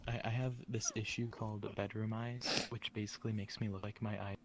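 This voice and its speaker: A man from Minnesota chatting casually, talking softly and low so he won't wake the people around him. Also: level tone, fairly quick, heavy background noise. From Minnesota, USA. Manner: soft, low, careful voice to avoid waking others. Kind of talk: casual chat.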